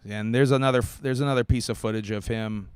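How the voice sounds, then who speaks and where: A man hosting a podcast, calmly commenting on video clips and thinking aloud with some fillers. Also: mid-range voice, fast talker, noisy background. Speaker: podcast host.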